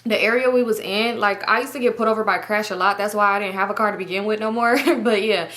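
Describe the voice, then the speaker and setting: A woman's voice: mid-range voice, steady tone, fast talker, a bit bright. A young woman vlogger telling a rambling, slangy, profane story in a casual way and acting out what everyone said.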